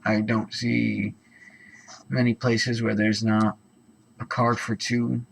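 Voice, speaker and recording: A man's voice: on the low side, level tone, takes it slowly, vocal fry, poor audio. A man talking casually through cards one by one, rambling with lots of ums and self-corrections. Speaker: card-opening channel host. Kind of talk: casual card-by-card commentary.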